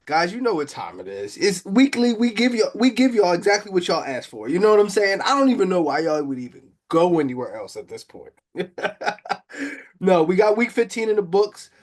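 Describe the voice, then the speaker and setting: A man hosting a casual football chat, excitable and quick to laugh. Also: high-pitched. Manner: lively, excitable, laughs often. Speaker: podcast host.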